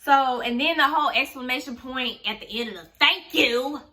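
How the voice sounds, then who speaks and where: A woman's voice: high voice, brisk, pushed and bright. A young adult woman telling a storytime vlog in a casual rant, blunt, profane and sarcastic as she vents.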